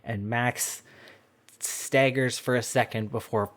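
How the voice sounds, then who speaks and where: A man narrating a tabletop game as dungeon master, describing scenes in an unhurried storytelling way. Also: mid-range voice, steady tone.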